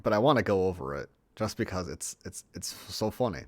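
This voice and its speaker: A man's voice: deep voice, expressive, fairly quick, a little mellow, dry recording. Rambling, crude male movie reviewer. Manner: acts out characters in mocking voices. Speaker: film reviewer. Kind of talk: casual profane movie review.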